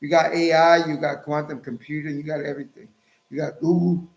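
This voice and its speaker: A man's voice: on the high side, flat delivery, brisk, vocal fry. A man hosting his own channel, preaching emphatically and scolding his listeners as he cites scripture. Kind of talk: preaching commentary. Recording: roomy echo.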